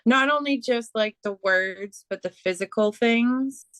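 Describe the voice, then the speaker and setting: A woman giving a spiritual reading as a medium, speaking haltingly with many fillers and restarts. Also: fairly high pitch, fairly bright tone, no room sound. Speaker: psychic medium.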